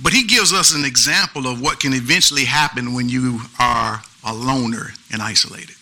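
A pastor preaching an animated sermon with features, calling out to the congregation. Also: male voice, medium pitch, normal speed, low-quality recording. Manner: animated preaching with call-and-response asides.

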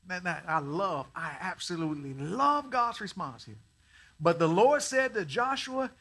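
A male pastor preaching a sermon, telling a story in a folksy way and building to loud calls for the congregation to respond. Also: high voice, expressive, brisk.

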